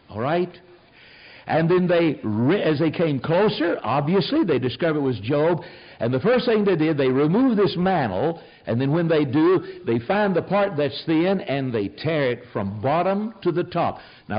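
An older man preaching a sermon, telling stories in an animated, emphatic way. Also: on the high side. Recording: dull lo-fi sound.

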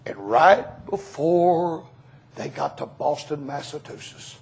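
A man preaching a revival sermon in a church, telling stories and rising into shouts. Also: a little high, expressive, takes it slowly, creaky. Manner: storytelling, bursts into shouting.

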